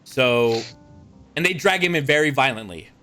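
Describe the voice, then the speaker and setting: A man's voice: medium pitch, animated, normal speed, pushed and bright, soft background music. A man acting as game master, narrating a tabletop role-playing game in a rambling way full of fillers.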